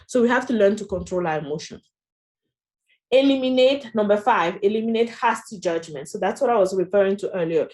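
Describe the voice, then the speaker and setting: Speaking fairly quickly, this workshop presenter has a mid-range, slightly mellow voice. She is a woman with a French accent who leads the training casually, frequently tossing in "you know" and "right?".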